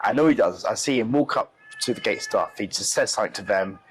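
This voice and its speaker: A man's voice: lowish voice, animated, quick pace, a little hiss or hum, poor audio. A young man from the UK telling an interviewer an upsetting travel story, emotional and often repeating himself. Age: young adult. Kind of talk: casual storytelling.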